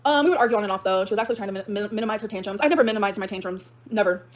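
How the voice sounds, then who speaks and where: A young woman livestreaming, reacting with fast, heated, profane outbursts that swing up to shouting. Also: medium pitch, a little hiss or hum. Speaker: livestreamer reading and reacting to a post. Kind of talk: emotional livestream rant.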